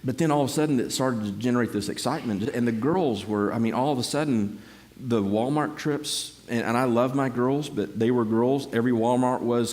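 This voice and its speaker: Animated man telling his testimony. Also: medium pitch, fairly quick. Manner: animated storytelling with many restarts and repeated words. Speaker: church member giving a testimony. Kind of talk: personal testimony to a congregation.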